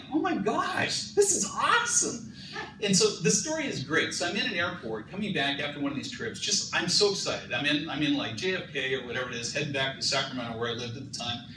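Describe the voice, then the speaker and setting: Man, dating coach, emphatic seminar talk, pitch jumps up when excited, distant mic, noisy echoing room.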